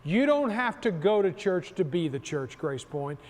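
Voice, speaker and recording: High-voiced preacher in a reverberant hall. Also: male voice, big pitch swings, measured pace, a little mellow. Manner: preaching with emphatic repetition. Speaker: pastor. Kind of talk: sermon. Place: church sanctuary.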